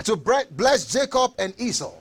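High, lively-voiced man preaching slowly. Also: slightly rough. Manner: emphatic preaching, repeats phrases, bursts into shouts. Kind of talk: sermon.

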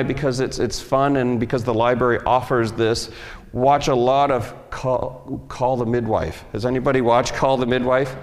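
A middle-aged man preaching a sermon in an earnest way, repeating himself and acting out cried prayers. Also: on the high side. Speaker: pastor. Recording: long hall reverb.

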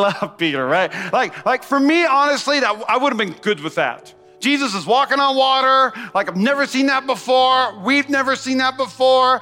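A man preaching in a large church with a high, bright, forceful voice. He talks to the congregation with quick asides and call-and-response. His voice rings with long hall reverb over soft music. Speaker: pastor. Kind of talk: sermon.

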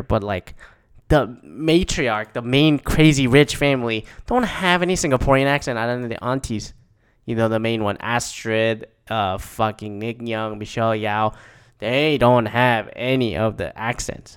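A man's voice: mid-range voice, moderate pace, clear, resonant tone. A man giving a casual, rambling movie review, swearing often and acting out his own reactions in quotes. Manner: profane, rambling, animated, mock-quoting his own reactions.

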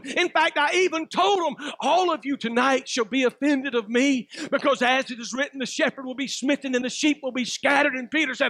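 A middle-aged man preaching a sermon as pastor, shouting at times and calling for responses from the congregation. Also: very high-pitched, fairly quick, few pauses, dry recording.

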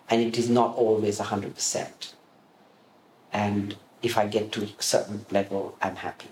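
A man answering interview questions, telling lively stories about his past and acting out the voices of the people in them. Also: fairly low pitch. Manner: animated storyteller, acts out quoted voices. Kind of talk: reminiscing in an interview. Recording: roomy echo with faint room noise.

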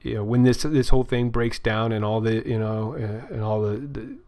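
A middle-aged man hosting a casual political talk show, rambling and halting with many fillers and restarts, his throat dry. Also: medium pitch, fairly even intonation, mellow, no echo. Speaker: podcast host.

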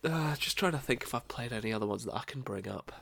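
A man's voice: medium pitch, animated, quick pace, gravelly, fairly bright tone, a little hiss or hum. A man co-hosting a podcast with dry, sardonic, sweary banter. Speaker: podcast co-host. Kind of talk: casual podcast chat.

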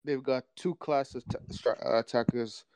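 A man's voice: mid-range voice, fairly even intonation, moderate pace, clear, resonant tone, no echo. A man co-hosting a podcast, bantering casually about football and teasing his friends with lots of slang. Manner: teasing, laughs loudly, slang-heavy. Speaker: podcast co-host.

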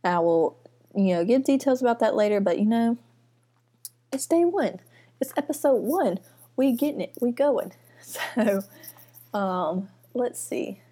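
A young woman hosting her first solo podcast from her apartment, chatting in a rambling, nervous and excited way with lots of fillers. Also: fairly high pitch, measured pace, pauses often. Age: young adult. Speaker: podcast host. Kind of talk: casual solo podcast chat. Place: student apartment. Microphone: computer mic.

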